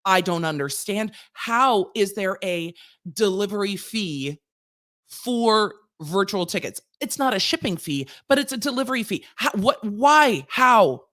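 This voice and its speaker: A woman's voice: mid-range voice, expressive, a little slow, fairly bright tone. A woman, a lawyer hosting her channel, ranting casually and animatedly with lots of rhetorical questions.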